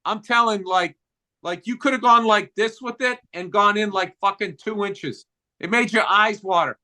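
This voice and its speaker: A man's voice: high-pitched, moderate pace, pushed and bright. A middle-aged man with a Boston accent, co-hosting a podcast in casual comedic chat, ranting profanely and sarcastically. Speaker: podcast co-host.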